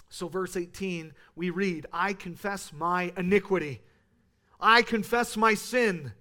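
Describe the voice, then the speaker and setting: A man in his thirties preaching a sermon, earnest, rising to emphatic peaks and falling back to quiet. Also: high-pitched. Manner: earnest, building to emphatic peaks then dropping soft.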